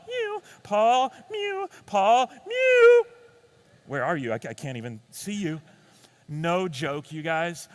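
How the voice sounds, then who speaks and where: A male comedian tells a story on stage with a high, bright voice. His delivery is animated and full of quick restarts. The tone is sharp and lively. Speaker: stand-up comedian. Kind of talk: comic storytelling.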